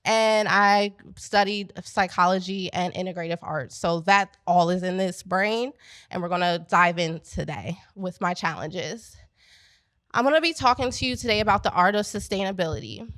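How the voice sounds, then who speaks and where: Animated woman telling a story to a crowd. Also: fairly low pitch, moderate pace, no room sound. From Pennsylvania, USA. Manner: animated, chatty, addresses the crowd directly. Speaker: business founder speaking at an event. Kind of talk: storytelling talk to a live audience. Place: event space at a coworking venue.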